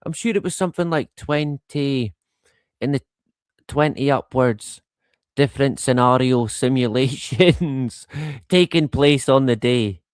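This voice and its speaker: A man's voice: mid-range voice, unhurried, clear, resonant tone, no room sound, clean studio sound. A man hosting a livestream in a casual, rambling monologue, laughing often and swearing freely. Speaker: livestream host.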